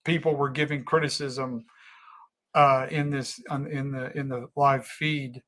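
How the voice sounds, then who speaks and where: A man hosting a casual livestream, reading viewer comments aloud and talking in an earnest, halting way with frequent restarts. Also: medium pitch, level tone, fairly bright tone. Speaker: livestream host.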